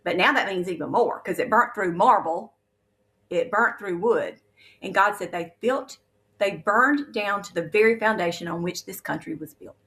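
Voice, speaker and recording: A woman in her fifties tells her spiritual testimony with earnest, vivid detail. Her voice has a gravelly, creaky edge, at an ordinary middle pitch. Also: moderate pace, a bit bright. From Alabama, USA. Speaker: guest sharing a testimony.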